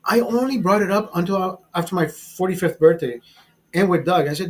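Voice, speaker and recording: A man's voice: high voice, a little fast, darkish tone, rough recording. A man in his forties hosting a casual chat, rambling bluntly and swearing freely. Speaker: show host. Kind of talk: casual chat over drinks.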